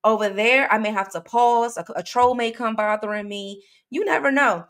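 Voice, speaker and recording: A woman's voice: fairly high pitch, normal speed, a bit bright. Chatty woman livestream host, AAVE. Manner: chatty, reads comments aloud, frequent fillers and restarts. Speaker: true crime livestream host. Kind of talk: casual livestream chat with viewers.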